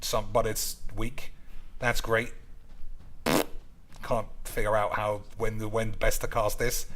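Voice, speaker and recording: A man's voice: lowish voice, little pitch movement, slow, fairly bright tone. Brash, sweary young male streamer. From United States. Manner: brash, sweary, addresses viewers as boys. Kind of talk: casual gaming commentary.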